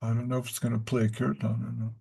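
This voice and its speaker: A man's voice: medium pitch, completely flat delivery, rapid-fire, creaky, mellow, slightly rough. A man teaching a devotional study class, telling stories in a rambling way with many fillers and asides. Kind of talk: unhurried spiritual class talk with stories.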